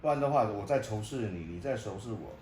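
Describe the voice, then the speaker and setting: Earnest moralizing man, low-pitched, echoey room with faint noise. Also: animated, quick pace, a little mellow. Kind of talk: casual interview answer.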